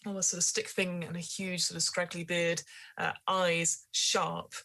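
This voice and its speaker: A woman's voice: fairly low pitch, flat delivery, a little slow, vocal fry, pushed and bright. A woman running a tabletop horror game as game master, describing scenes with frequent fillers.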